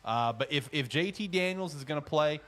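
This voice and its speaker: A man co-hosting a casual sports show, animated and joking, laughing often. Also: on the high side, brisk. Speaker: podcast co-host.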